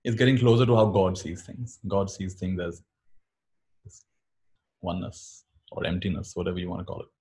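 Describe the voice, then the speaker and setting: A man giving a calm spiritual teaching talk, often repeating phrases softly. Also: low voice, moderate pace, pauses often.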